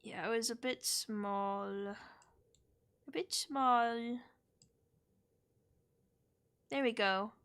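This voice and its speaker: A woman's voice: fairly high pitch, slow, a bit bright, clean tone. A woman streaming a game live, chatting and giggling as she reacts to chat.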